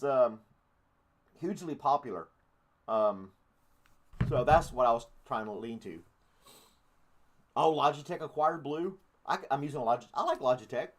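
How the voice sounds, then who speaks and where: Rambling, joking man hosting a podcast. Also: mid-range voice. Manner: rambling, jokey, crude asides. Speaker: podcast host. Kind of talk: casual live-stream chat.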